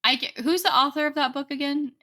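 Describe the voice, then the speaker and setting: A woman's voice: high voice, quick pace, sharp tone. A woman in her twenties co-hosting a podcast in casual chat, giggly and self-deprecating. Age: 20s. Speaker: podcast co-host.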